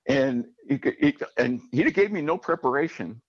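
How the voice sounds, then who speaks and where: A man's voice: medium pitch, animated, moderate pace, few pauses, dry recording, dull audio. A man speaking as an interview guest, telling a story with lots of fillers and restarts while he searches for words. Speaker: guest, arranger and musician.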